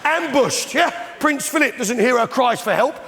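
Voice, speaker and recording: A man's voice: very high-pitched, expressive, normal speed, vocal fry, pushed and bright, long reverb tail. A middle-aged English man doing stand-up in a blustering, bellowing, indignant manner, working a live audience. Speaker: stand-up comedian in pub landlord character. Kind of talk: stand-up comedy. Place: large theatre with live audience. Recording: live theatre recording with crowd laughter. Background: audience laughter.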